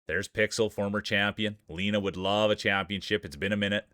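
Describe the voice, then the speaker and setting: A man's voice: fairly low pitch, fairly even intonation, brisk, sharp tone, no room sound, clean studio sound. A man hosting a live stream of marble races, commentating in playful, jokey announcer patter.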